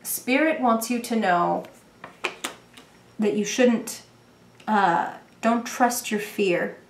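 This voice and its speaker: A woman giving a casual, playful tarot reading to the viewer, chatty and quick to laugh. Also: a little high, roomy sound, a little hiss or hum. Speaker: tarot reader.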